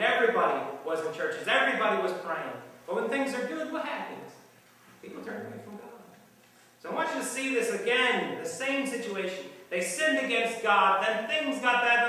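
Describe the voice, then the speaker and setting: A man's voice: high-pitched, pushed and bright. A man preaching a sermon, folksy and questioning his listeners as he teaches. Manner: asks the audience questions, folksy. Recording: echoey hall from far off.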